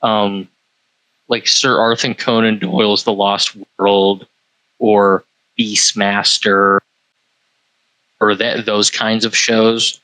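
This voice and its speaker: A man co-hosting a podcast in casual chat, rambling with many pauses. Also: fairly low pitch, level tone, bright, forceful tone, no room sound, low-quality recording. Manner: rambling, many fillers and restarts.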